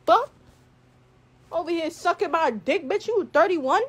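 A woman's voice: very high voice, lively intonation, a little slow, long pauses. An eighteen-year-old woman in a heated, profane livestream rant into her phone, hurling insults.

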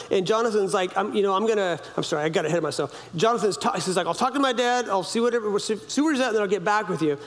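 A man with a notably high voice preaches to his congregation. He tells the story loosely and chattily, slipping into quoted voices and goofy sound effects, and often turns to ask the room questions. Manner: conversational, asks congregation questions. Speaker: pastor. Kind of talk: sermon.

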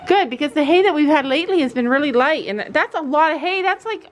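A woman's voice: lively intonation, quick pace, a little hiss or hum. A middle-aged woman chatting casually in a family vlog, outdoors at a barn, talking to her dogs and horses. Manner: chatty, talks to pets in a high playful voice. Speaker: vlogger, mother.

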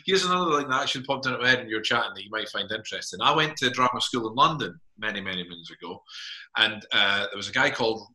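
A man's voice: on the low side, expressive, quick pace, sharp tone. A man hosting a casual interview, chatty and hesitant, with lots of fillers. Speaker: podcast host. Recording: echoey room.

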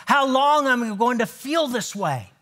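Man preaching in church, high voice, slow and drawn out, goes from loud to near whisper. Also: animated. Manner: dramatic swings from loud proclaiming to hushed near-whisper. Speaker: pastor. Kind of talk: sermon.

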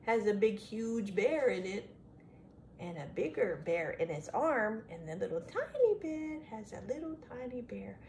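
A woman's voice: mid-range voice, big pitch swings, unhurried, darkish tone, slight background noise. A woman reading a picture book aloud to children, stopping often to chat and ask the young listeners questions. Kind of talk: children's read-aloud with chatty commentary.

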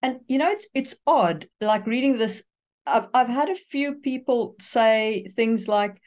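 A woman's voice: a little high, lively intonation, unhurried, darkish tone. A woman co-hosting a writing podcast, talking casually in a chatty, frank way and laughing between points. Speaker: podcast co-host, author. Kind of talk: casual chat on writing craft.

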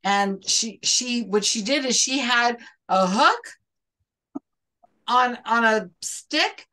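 A woman's voice: a little high, expressive, slow, sharp tone. A woman hosting an online chat, telling a long story in a rambling, self-interrupting way. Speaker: host. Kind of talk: casual chat.

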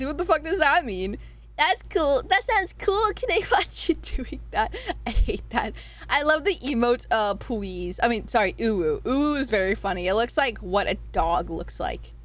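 A woman streamer in casual livestream chat, reading out poll results; giggly and excitable, swearing freely and swinging between high squeals and low mutters. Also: moderate pace.

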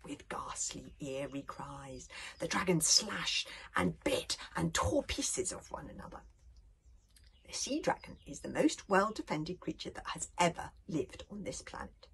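A British woman, a children's author, reading her storybook aloud in an expressive way that often drops to a whisper. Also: fairly high pitch, vocal fry, a little hiss or hum. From United Kingdom.

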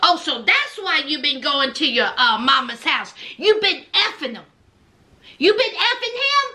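A woman mimicking a jealous middle-aged man throwing a tantrum, shrill and accusing as she retells a reality show scene. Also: expressive, a little slow, sharp tone, exaggerated voice. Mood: ranting.

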